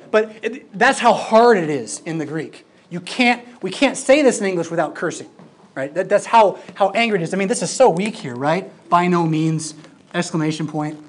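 A Bible teacher giving a classroom lecture, emphatic and lively, with informal asides. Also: mid-range voice, moderate pace. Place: classroom with a projected screen.

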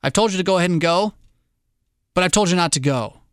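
A man's voice: sits high, quick pace, smooth, no room sound, studio quality, lightly acted. A man voicing a stern, commanding male angel in a sermon retelling.

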